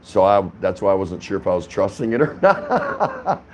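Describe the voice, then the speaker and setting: Male vlog host, lowish voice, rambling conversational delivery, home recording with a faint background hum. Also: wildly swooping pitch, moderate pace, darkish tone. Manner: rambling, chatty, frequent restarts and fillers. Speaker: vlogger host. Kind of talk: casual talking-head vlog. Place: apartment indoors.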